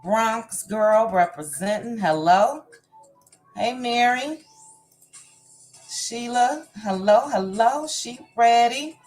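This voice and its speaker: This livestream host speaks on the high side, slowly and with frequent pauses. She says hello to each viewer by name in a casual, warm, chatty way while faint background music plays.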